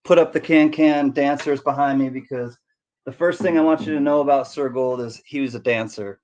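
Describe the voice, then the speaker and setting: A man hosting a casual livestream, cheerfully greeting viewers by name in quick shout-outs. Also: medium pitch, a little hiss or hum. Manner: upbeat, reads out chat names in quick greetings. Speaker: livestream host.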